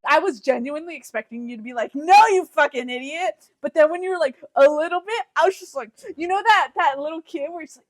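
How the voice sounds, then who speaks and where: A woman's voice: sits high, fast talker, hardly any pauses. A young woman co-hosting a podcast, chatting casually and bickering playfully with her brother. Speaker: podcast co-host. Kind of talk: casual chat.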